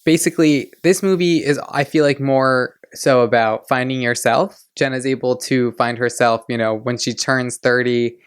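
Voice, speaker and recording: Young man, podcast host, chatty and gushing, smooth voice, dry close sound. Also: medium pitch, fairly even intonation, moderate pace, hardly any pauses, no echo. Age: 20s. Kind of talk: casual chat.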